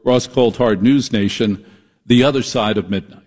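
A man's voice: medium pitch, a little mellow. A man hosting a talk radio show, delivering a comedic monologue, riffing and mocking as he goes. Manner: riffing, mocking, switches into quick impressions.

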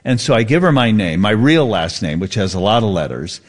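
A man's voice: fairly low pitch, very animated, a little fast. A man hosting a radio show, casually telling a story and acting out the voices in it. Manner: storytelling, mimics voices for effect. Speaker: radio host. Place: radio studio.

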